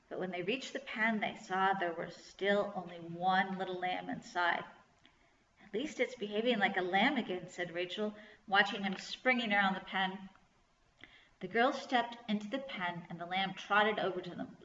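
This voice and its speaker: Woman librarian, children's read-aloud, bright and clear; echoey room. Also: mid-range voice, a little hiss or hum. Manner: clear, lively storytelling. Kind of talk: children's story reading. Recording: echoey room, slightly dull sound.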